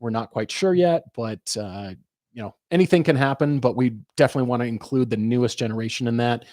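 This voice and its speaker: A man's voice: medium pitch, quick pace, a little mellow, dry recording, studio quality. A man co-hosting a live-streamed car podcast, telling rambling stories and reading out audience questions. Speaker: podcast co-host. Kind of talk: casual live-stream chat.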